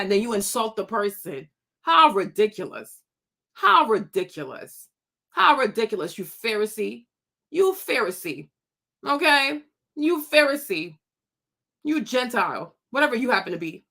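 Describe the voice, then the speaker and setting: A woman's voice: fairly high pitch, very animated, unhurried, bright, forceful tone. Sassy woman ranting at her audience. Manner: sassy, mocking, scolding with frequent laughs. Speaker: commentary channel host. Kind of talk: unscripted commentary rant.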